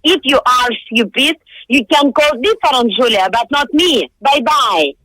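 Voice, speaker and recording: A woman's voice: high-pitched, animated, measured pace, bright, forceful tone, dry recording. A young woman in her twenties with a Russian accent and Russian as her first language, speaking blunt, irritated broken English on a phone call. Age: 20s. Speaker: prank call target.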